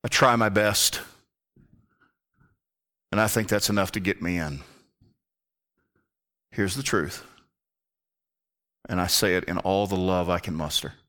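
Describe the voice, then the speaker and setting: Low-voiced earnest male preacher. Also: unhurried, long pauses. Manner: earnest, drops to a hushed near-whisper for emphasis. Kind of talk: sermon.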